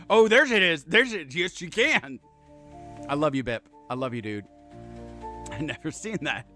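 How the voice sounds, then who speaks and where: Excitable streamer man, bright voice. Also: on the high side, normal speed, long pauses, faint music behind. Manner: excitable, swears often, laughs a lot, affectionate to chat. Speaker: game streamer. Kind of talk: casual live-stream chat.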